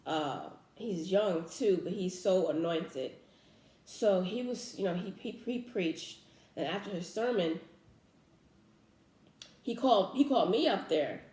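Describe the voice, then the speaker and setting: A woman's voice: on the low side, dark tone, echoey room. Earnest young woman telling a faith story. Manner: earnest, emotional, many fillers and restarts. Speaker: vlogger. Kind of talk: casual personal storytelling.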